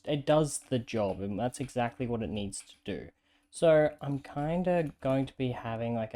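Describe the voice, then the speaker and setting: A man giving casual, self-mocking gameplay commentary as he builds, with bursts of excited exclamation. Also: medium pitch. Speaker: gaming content creator.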